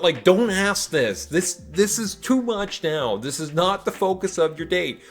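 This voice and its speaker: Brief: a casual, emphatic man giving dating tips, slightly high voice, faint music behind him. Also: measured pace, hardly any pauses. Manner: animated, emphatic, jokey asides. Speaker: dating advice vlogger. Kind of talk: casual advice monologue.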